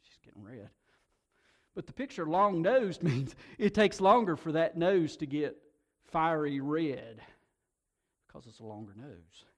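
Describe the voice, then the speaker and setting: Male pastor, high voice, lively sermon delivery with repeated words and swings in loudness. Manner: animated, often repeats words and swings between soft and loud. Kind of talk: sermon to a congregation.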